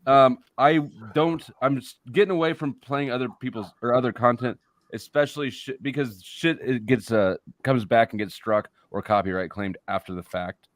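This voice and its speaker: Man, dry teasing host, dead close sound, mid pitch. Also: normal speed, dry recording. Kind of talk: casual panel chat.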